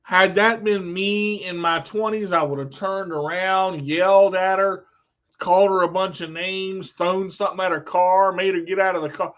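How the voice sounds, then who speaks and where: A man's voice: sits high, steady tone, normal speed, fairly bright tone, muffled recording. A man vlogging in a candid, blunt monologue, telling personal stories with emphasis.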